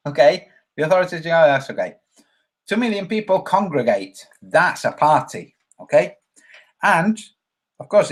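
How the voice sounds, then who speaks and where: A man hosting a casual livestream, rambling and joking, reading viewer comments aloud and acting out quoted voices. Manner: acts out quoted voices with big pitch jumps. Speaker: livestream host.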